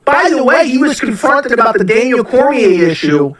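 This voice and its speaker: A man's voice: extremely high pitch, very animated, moderate pace, a bit bright. A man giving mocking, emphatic commentary in a casual podcast clip. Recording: echoey room, distant mic.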